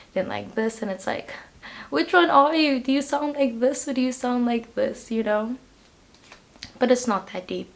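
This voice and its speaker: A young woman giving a casual pick-a-card tarot reading to the viewer, talking chattily and hesitantly with plenty of fillers. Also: mid-range voice. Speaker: tarot reader.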